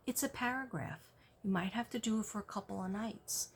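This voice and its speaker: A woman giving a psychic reading, soft-spoken and gently reassuring, often dropping to a whisper and checking in with "okay?". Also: medium pitch, brisk, few pauses, slightly rough. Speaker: psychic reader.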